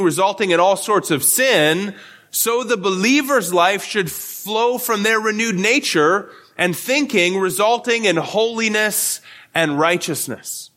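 A man's voice: sits high, pushed and bright. A male pastor giving an earnest expository sermon, often repeating words as he restarts his phrases.

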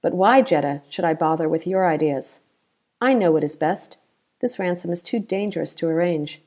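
A woman's voice: on the low side, normal speed, darkish tone, natural voice. A woman voicing a boastful drunken bandit chief. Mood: calm.

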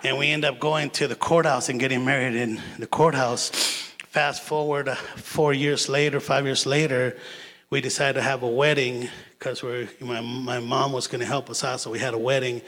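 A man's voice: mid-range voice, level tone, moderate pace, a bit bright. A middle-aged man giving a sermon as a guest preacher, telling personal stories in a casual, chatty way. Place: church sanctuary. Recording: long church hall reverb.

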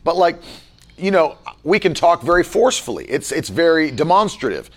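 A man leading a casual Bible-study chat as pastor, talking forcefully and emphatically. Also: on the high side, sing-song, moderate pace.

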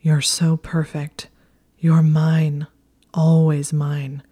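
A woman voicing a possessive young male wizard lover in a breathy, whispered role-play. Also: low-pitched, fairly even intonation, a little slow, warm tone.

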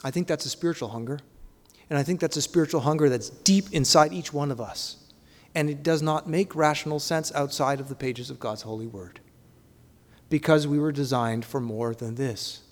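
A man preaching a sermon, leaning on rhetorical questions and swinging between loud emphatic lines and quiet, hushed ones. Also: a little high, normal speed, big-room sound.

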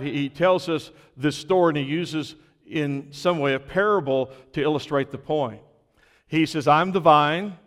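A man's voice: on the high side, fairly bright tone, long reverb tail. A man preaching a sermon in an earnest way, building to emphatic peaks, recovering from illness. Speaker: pastor.

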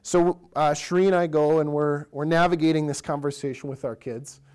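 A man's voice: a little high, a little fast, clear, resonant tone. A man in his thirties, a pastor, giving a conversational sermon in a church, telling stories and asking the congregation direct questions. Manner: relaxed storytelling, asks the congregation direct questions.

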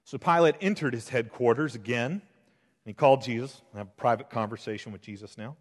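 A man preaching an expository sermon as pastor, shifting between loud emphasis and hushed, intense passages. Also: medium pitch, quick pace. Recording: long hall reverb.

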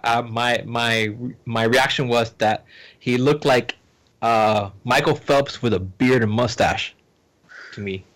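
A man's voice: mid-range voice, steady tone, slow pace, a bit bright, rough recording. A man in a casual podcast chat who talks hesitantly, with many fillers and restarts.

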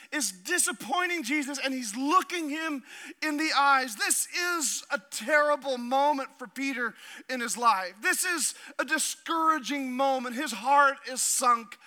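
A man with a notably high, bright, forceful voice, preaching a sermon. He reads scripture aloud and then drops into animated, humorous asides. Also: unhurried. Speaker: pastor.

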